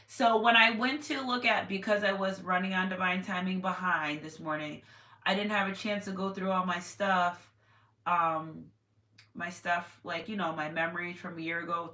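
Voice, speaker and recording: In a fairly low, pushed and bright voice, a woman does a relaxed tarot reading for her audience, repeating herself and bursting into sudden exclamations. Faint noise and echo fill the room.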